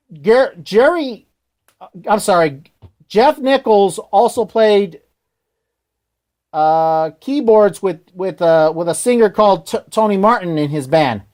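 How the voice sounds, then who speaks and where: A man's voice: high-pitched, a little mellow. A man hosting a radio show, talking casually in a rambling, hesitant way and often correcting himself.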